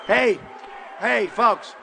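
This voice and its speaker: An older man giving a boastful, repetitive campaign rally speech in short punchy phrases, often shouting to the crowd. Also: high voice, drawn-out words, creaky, a little hiss or hum. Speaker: political candidate at a rally. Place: large university hall with crowd. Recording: long hall reverb from a live rally.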